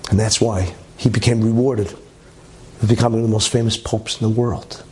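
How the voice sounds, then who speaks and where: A man telling a religious story in a lively way, with chatty asides and many okays. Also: lowish voice, brisk, a little hiss or hum. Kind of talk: animated storytelling talk.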